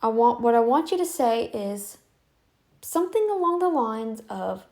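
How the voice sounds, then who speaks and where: Speaking unhurriedly with big pitch swings, this YouTube commentary host has a darkish voice on the high side. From a room at home, off camera, she confronts viewers in a casual monologue, repeating demands and frequently restarting.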